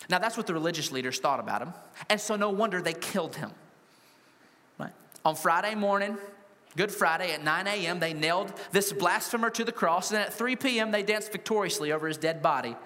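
A man preaching a sermon to a congregation, animated and humorous, full of rhetorical questions. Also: high-pitched, brisk, pauses often. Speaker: pastor. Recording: long hall reverb.

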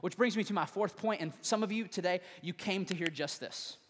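A man pastor preaching a sermon, building from quiet questions to rising appeals. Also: high-pitched, a little fast, big-room sound. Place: church sanctuary.

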